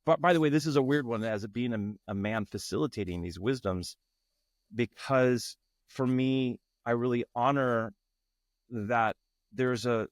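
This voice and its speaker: A man's voice: mid-range voice, normal speed, no room sound, clean studio sound. A man speaking as a guest in an interview, earnest and searching, often restarting his phrases. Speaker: guest, tantra facilitator. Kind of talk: reflective interview talk.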